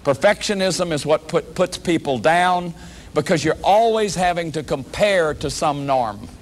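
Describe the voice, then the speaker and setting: A man giving a public lecture on shame and recovery, earnest and conversational, often repeating himself and saying "you see" to the audience. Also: fairly high pitch.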